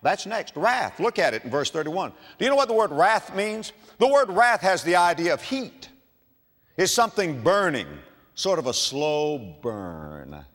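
An older male pastor preaching with a lively, animated voice that swoops from near-whispers up to ringing emphasis. His pitch sits a bit high for a man, and the sound carries a long reverb from a large church hall. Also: a little slow. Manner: dramatic preaching, swinging from hushed to loud. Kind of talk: sermon. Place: church sanctuary.

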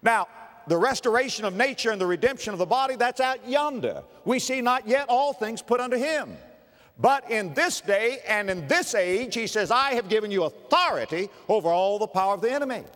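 A man preaches with a fairly high, very animated voice. He swings from ringing emphasis to hushed, low passages, and his voice trails off in the long reverb of a large hall. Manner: dramatic preaching with sudden drops to a hushed, low delivery. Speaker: pastor. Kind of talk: sermon.

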